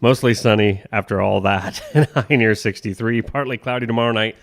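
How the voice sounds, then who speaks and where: A man's voice: fairly low pitch, steady tone, a little fast. Joking morning show guy. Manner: joking, laughs often, rambling. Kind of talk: casual banter, reading ads and weather.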